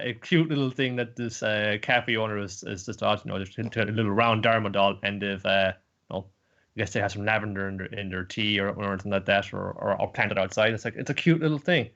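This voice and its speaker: A man's voice: lowish voice, fairly bright tone, lo-fi sound. A man hosting an anime podcast, casually rambling through episode recaps with lots of fillers. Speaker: podcast host. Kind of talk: casual chat, retelling episodes.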